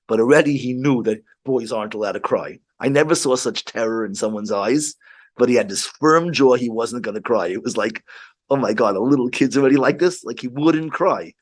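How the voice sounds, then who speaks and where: A rabbi telling a story in casual chat, halting with frequent restarts. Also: male voice, medium pitch.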